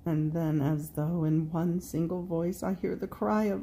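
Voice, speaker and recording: A woman reading a devotional meditation in a slow, prayerful way, speaking directly to Jesus. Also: on the low side, fairly even intonation, mellow. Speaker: devotional reader.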